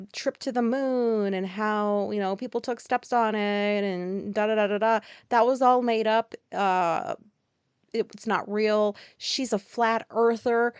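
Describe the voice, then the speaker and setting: Here the US podcast host has a medium-pitched, clean-toned voice recorded without echo. She rambles through a story about her own life in an open, offhand manner, filled with swearing and filler words.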